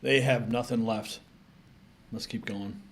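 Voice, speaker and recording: A man's voice: mid-range voice, fairly even intonation, slow. Male online news host, indignant, sarcastic, mid-range voice. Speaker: political commentary host.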